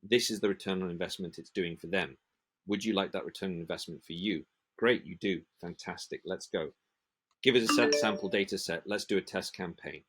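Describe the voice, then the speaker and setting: A man from the UK with a fairly low voice speaks in a podcast interview. He talks with passion about his trade and slips into lively acted-out dialogues as he goes. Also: fairly quick, a little hiss or hum. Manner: passionate, acts out sales dialogues in animated voices. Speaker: print industry association manager.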